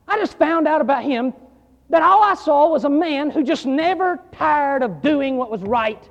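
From the pulpit of a church sanctuary, a pastor preaches a sermon in an unusually high voice, repeating phrases with rising force and swelling louder on key lines, with storytelling between the bursts of emphasis. The dull, muffled recording carries a long church reverb after every line.

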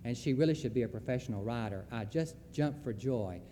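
A man's voice: medium pitch, brisk, warm tone, in a large hall, slight background noise. A Southern man giving a folksy, emphatic lecture on Christian leadership, with storytelling asides.

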